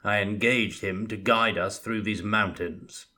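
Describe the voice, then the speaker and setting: A man voicing a booming zealous knight. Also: fairly even intonation, measured pace. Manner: loud, commanding, fervent. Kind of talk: audiobook character voice.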